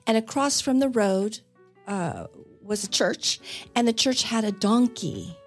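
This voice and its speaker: Animated woman telling stories, slightly husky. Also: a little high, a little slow, soft background music. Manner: animated storyteller, laughs often, voices people in her stories. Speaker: conversation partner. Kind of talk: casual chat.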